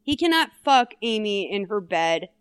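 A woman's voice: mid-range voice, big pitch swings, normal speed, smooth. A young woman co-hosting a podcast in casual chat, retelling a film scene and slipping into the characters' voices. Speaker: podcast co-host.

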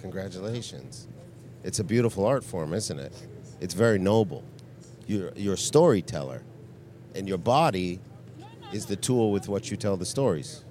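A man's voice: low voice, moderate pace, long pauses, slight background noise. Teasing man interviewing on a city street. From Canada. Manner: teasing, provocative deadpan questions. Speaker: comedian host doing street interviews. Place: city sidewalk outdoors.

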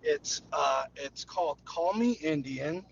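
Gravelly male caller on a phone. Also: fairly high pitch, lively intonation, slow pace, muffled recording, a little hiss or hum. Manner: conversational, meandering storyteller. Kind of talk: call-in phone conversation.

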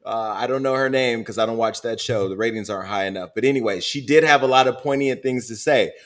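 A man's voice: medium pitch, quick pace. A middle-aged man hosting a podcast, talking bluntly and with plenty of swearing in candid casual chat. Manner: blunt, profane, storytelling. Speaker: podcast host.

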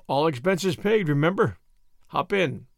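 A man's voice: fairly high pitch, expressive, measured pace, creaky, dry recording, clean studio sound. A man voicing a level-headed young man who talks in an easygoing, matter-of-fact way.

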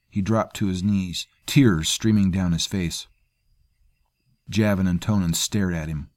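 A man narrating a dark fantasy audiobook in a dramatic, measured way. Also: low voice, no room sound.

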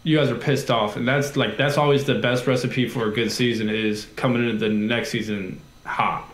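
A man's voice: mid-range voice, fairly even intonation, normal speed. A man co-hosting a casual interview, talking like an enthusiastic fan. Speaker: podcast co-host. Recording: echoey room, faint noise.

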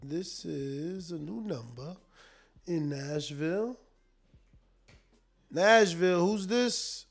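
Relaxed male call-in host, takes his time, a touch high-pitched, soft music under him. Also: slow, gravelly. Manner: laid-back, slangy, calls out listeners by name. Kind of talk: casual call-in chat.

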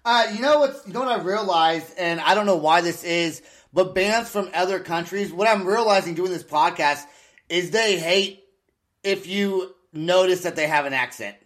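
A man hosting a casual podcast interview, chatty and thinking out loud. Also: high-pitched, normal speed. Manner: chatty, musing aloud. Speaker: podcast host.

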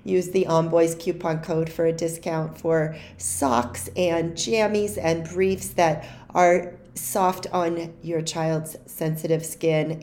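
A woman's voice: sits low, a little mellow, a little hiss or hum. A woman co-hosting a parenting podcast, closing the interview and reading sponsor messages. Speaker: podcast co-host.

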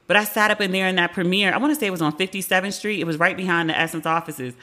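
Woman in her 40s doing casual pop culture chat, bright forceful voice, swears a lot. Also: fairly low pitch, racing. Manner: chatty, candid, swears freely, acts out quotes. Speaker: podcast host.

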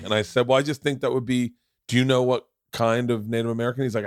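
A middle-aged man hosts a loose interview podcast. He talks in winding, self-correcting bursts and swears casually. His voice sits mid-pitch, close on a dry mic. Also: steady tone, very fast, dry recording. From Florida. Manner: rambling, many restarts, swears freely. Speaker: podcast host.

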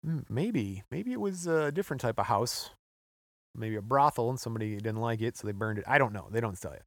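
A man's voice: mid-range voice, lively intonation, a little fast, fairly bright tone, no echo. A man co-hosting a podcast, retelling a story in an offhand, joking way. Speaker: podcast co-host. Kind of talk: casual chat.

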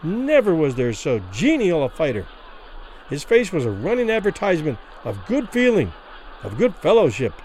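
A man narrating a classic short story as a vivid, expressive dramatic reading. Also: on the high side, moderate pace, slight background noise, low-quality recording.

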